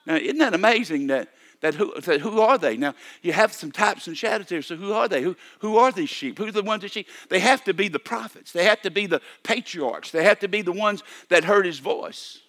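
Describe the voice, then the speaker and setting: An older man preaches a sermon in a high, brisk, animated voice with a slightly bright edge. He keeps repeating himself, stammering and restarting phrases, and calls out for amens.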